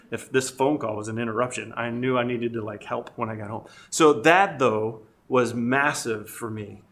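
A middle-aged man, appearing as a guest speaker, tells casual, self-deprecating stories about marriage and parenting and laughs often. His voice is mid-range with a fairly bright tone.

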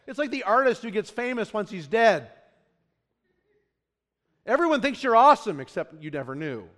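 A man in his thirties preaching a sermon to his congregation, moving between soft, pleading passages and loud exclamations, and acting out quotes with put-on voices. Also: sits high, very animated, moderate pace, in a large hall. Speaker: pastor.

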